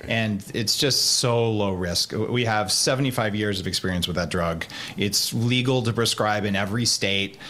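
A man talking as a guest expert in a casual interview, explaining things quickly with animated asides and jokes at his own expense. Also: lowish voice, slight background noise. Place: Austin.

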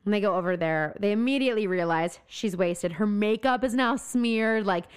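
Smooth-voiced young woman recapping a show. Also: mid-range voice, moderate pace. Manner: animated retelling, acts out the characters' lines. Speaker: podcast co-host. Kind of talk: casual recap chat.

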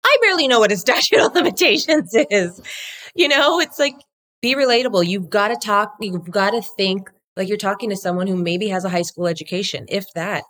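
A bit bright and a little fast, her medium-pitched voice carries a relaxed interview chat. As co-founder of a law firm, she speaks with blunt energy, dropping occasional profanity and acting out what other people said in their voices.

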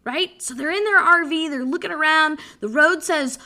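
A woman hosting a podcast delivers a fervent, preachy political monologue, often restarting her sentences. Her voice sits high, bright and pushed, at a normal speed.

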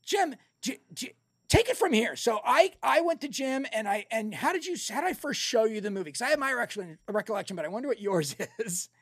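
A woman being interviewed about directing a film, telling stories in a lively, animated way with many restarts. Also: on the high side, a little fast, slightly rough, dry recording. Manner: animated, acts out quoted voices, many restarts. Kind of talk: casual storytelling interview.

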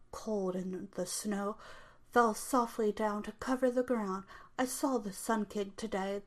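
A young adult woman reads a fairy tale aloud in a slow, unhurried, lilting storybook voice. Her voice sits a little high for a woman. She speaks as the host of her own channel. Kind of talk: reading a children's story aloud.

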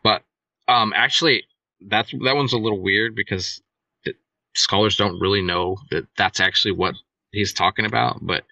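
A man hosting a casual chat, retelling myths in an animated way, swearing and laughing often. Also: fairly low pitch, moderate pace, creaky, no room sound, poor audio. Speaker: podcast host, storyteller.

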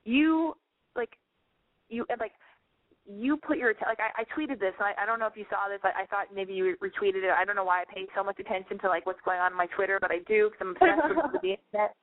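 A woman's voice: medium pitch, fast talker, no echo, narrow, tinny audio. A woman hosting a call-in advice radio show, blunt and profane, ranting at callers and mimicking them in squeals.

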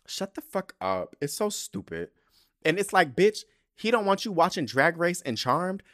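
A young man hosting his own podcast, ranting and telling stories in a sassy, profane, animated way. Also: high voice, normal speed. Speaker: podcast host. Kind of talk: casual solo podcast rant.

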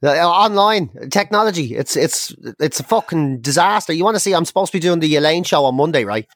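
Young guy on a podcast, high voice, sweary ranty chat, dry sound. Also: expressive, brisk, no room sound. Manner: sweary, ranting, exasperated storytelling. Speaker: podcast co-host. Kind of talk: casual chat.

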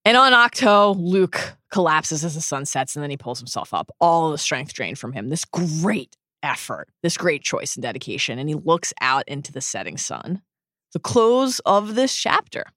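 A woman co-hosts a film podcast, retelling each scene with effusive, emotional drama. Her voice sits low but swings widely in pitch. The sound is close and dry. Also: big pitch swings, moderate pace, fairly bright tone, no echo. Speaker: podcast co-host. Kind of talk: enthusiastic film-recap podcast chat.

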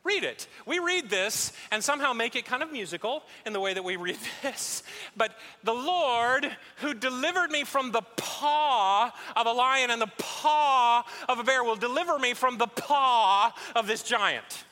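A male pastor preaching a sermon, telling the story in an animated way and acting out scenes. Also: very high voice, unhurried. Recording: echoey hall.

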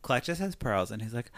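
A man casually retelling a film's plot, rambling and animated, peppering his talk with "like" and acting out the characters' lines. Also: mid-range voice, no room sound. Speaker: podcast host recapping a film.

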